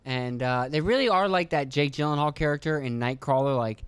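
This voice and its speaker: Rambling on his own podcast, this young man from rural Pennsylvania is profane and playful, doing quick voices for his kids and himself with a phlegmy throat. His voice runs on the high side, clear and resonant, with no echo.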